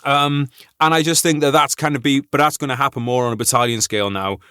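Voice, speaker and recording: Swearing, laughing army-veteran host. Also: male voice, medium pitch, steady tone, fast talker, pushed and bright, smooth, dry recording, studio quality. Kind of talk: casual chat.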